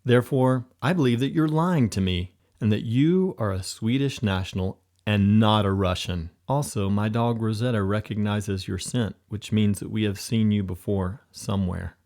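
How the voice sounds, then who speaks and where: A man's voice: lowish voice, moderate pace, hardly any pauses, a little mellow, natural voice. A man voicing a polite, earnest young spy recruit who speaks formally in an audiobook story.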